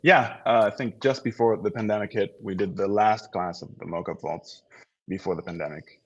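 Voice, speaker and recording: Man from the netherlands, dutch native, relaxed guest, lowish voice, slightly dull lo-fi recording. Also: moderate pace, breathy edge. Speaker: actor guest. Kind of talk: casual interview chat.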